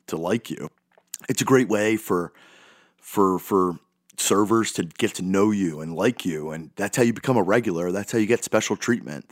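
A man's voice: sits low, no room sound, clean studio sound. A man hosting a podcast, talking in a rambling, self-deprecating, goofy way. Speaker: podcast host. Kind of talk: casual monologue.

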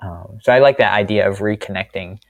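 A man's voice: lowish voice, brisk, no echo. A man co-hosting a casual Bible-study discussion in an easygoing way. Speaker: co-host of a faith discussion.

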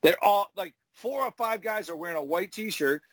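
A man, a former wrestler, telling profane, animated stories in casual podcast chat. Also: high voice, normal speed, no room sound. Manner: profane, animated storyteller acting out moves. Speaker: retired pro wrestler, podcast host.

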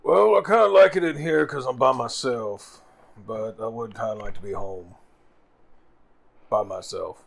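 A man's voice: medium pitch, measured pace, vocal fry. A man playing his character in a tabletop game, laid-back and wry, with frequent hesitations. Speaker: player. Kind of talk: in-character tabletop role-play.

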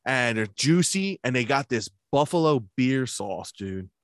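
A man's voice: mid-range voice, very animated, unhurried, no echo, clean studio sound. A man in casual chat, telling long profane stories about his workday and acting out what everyone said, laughing along. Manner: acts out both sides of remembered conversations.

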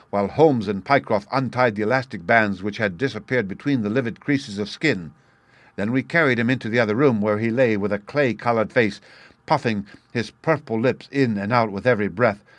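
A man reading a classic detective story aloud as narrator, in a measured, even manner. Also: lowish voice, dry recording. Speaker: audiobook narrator. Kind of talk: scripted narration.

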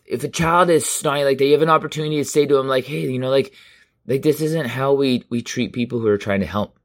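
A male podcast host talking straight into a studio mic. He tells his stories in a loose, animated way and swears freely. His voice sits at an everyday middle pitch. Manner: profane, animated storytelling. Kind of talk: casual podcast monologue. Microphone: studio microphone.

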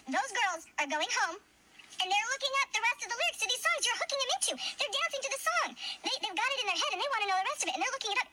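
A woman's voice: very high voice, sharp tone, a little hiss or hum. A woman, a parent, earnestly and indignantly retelling a confrontation, heard on a somewhat distant mic. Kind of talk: emotional personal storytelling.

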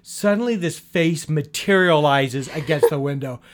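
A man's voice: on the high side, normal speed. A man telling a long story to a listener in casual conversation, acting out the dialogue with lots of "she goes" and "I go.".

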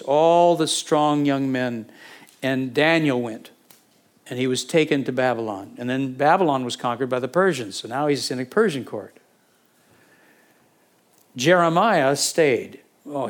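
A pastor giving a sermon, teaching from scripture in a conversational way, with asides and questions put to the congregation. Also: male voice, medium pitch. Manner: conversational, with asides and self-corrections.

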